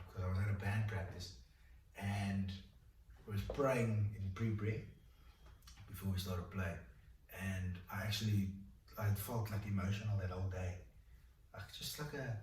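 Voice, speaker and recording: A South African man with a fairly low voice recounts his faith story in a loose, rambling way, full of fillers and restarts. He sits some distance from the mic in an echoey room, with a faint hum of ambience underneath. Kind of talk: candid personal testimony in a conversation.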